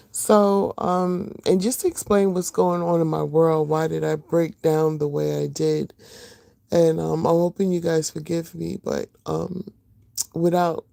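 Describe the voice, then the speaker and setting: A middle-aged woman talks casually to her livestream viewers, greeting them and filling pauses with ums. Her voice is low-toned, gravelly and rough from sleep. The sound is dry and close, with no room around it. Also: no echo. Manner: chatty, warm greetings to viewers, many fillers. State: just woke up, voice rough. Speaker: livestream host.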